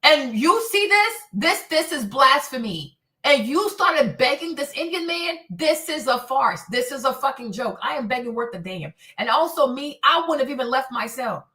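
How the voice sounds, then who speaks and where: A woman's voice: high-pitched, very animated, normal speed, few pauses, pushed and bright. A woman hosting a streaming commentary show, ranting indignantly, swearing often and repeating her phrases. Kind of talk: heated commentary rant. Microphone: streaming setup mic.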